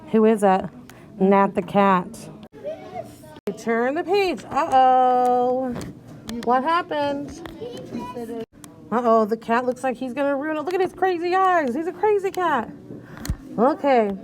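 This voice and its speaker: Woman, teacher, reading lesson for young kids, high voice, slow and patient, coaxing. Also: slight background noise. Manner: patient, coaxing, sounds out letters slowly.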